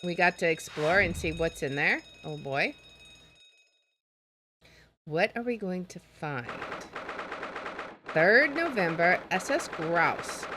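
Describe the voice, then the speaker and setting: A woman's voice: lowish voice, animated, slow pace, pauses often, sharp tone, a little hiss or hum. A woman hosting a let's play, chatting expressively as she plays a game. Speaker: gaming streamer.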